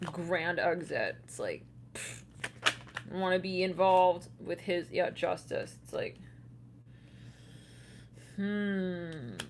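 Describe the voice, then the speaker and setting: A woman giving a casual tarot reading, chatty and quick to laugh, with loose swearing. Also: fairly low pitch, slight background noise. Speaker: tarot reader.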